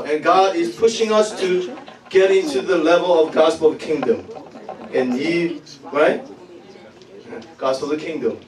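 A man, preaching a sermon as pastor, talking back and forth with the congregation and breaking into shouts and laughter. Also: on the high side. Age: 40s. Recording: echoey hall from far off with crowd.

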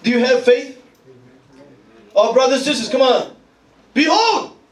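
A man preaching with a strikingly high voice, excited and laughing as he repeats his phrases. He leads the congregation in call-and-response. The sound is roomy and distant, as if picked up from across a large hall. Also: normal speed.

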